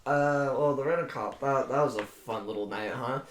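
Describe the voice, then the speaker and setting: A man's voice: medium pitch, normal speed, slight background noise. A young man co-hosting a podcast, telling a story in a sarcastic, swear-heavy way and laughing along as he goes. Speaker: podcast co-host. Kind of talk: casual storytelling among friends. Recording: roomy echo.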